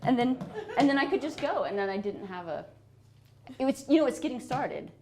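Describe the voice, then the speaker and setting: Middle-aged woman author, animated and chatty, quick to laugh. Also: high voice. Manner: animated storyteller, laughs often. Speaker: author and adoptive mother. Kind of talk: casual talk answering questions.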